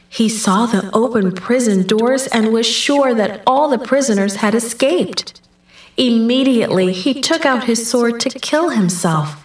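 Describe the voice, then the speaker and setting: A woman telling a Bible story to children in church, reading slowly and clearly. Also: fairly high pitch. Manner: slow, clear storytelling for kids. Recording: roomy, distant microphone.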